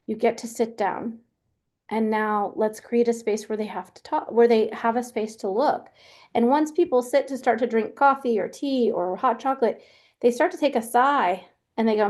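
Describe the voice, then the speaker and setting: A woman's voice: on the high side, a little mellow. A middle-aged woman hosting a webinar, talking casually with lots of fillers and restarts. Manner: chatty, many fillers and restarts. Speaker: webinar host.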